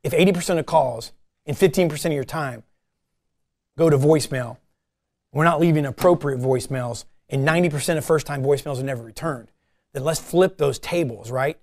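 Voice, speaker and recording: A man leading a casual sales meeting, coaching his team in an animated way and acting out short phone calls. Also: on the high side, a little fast.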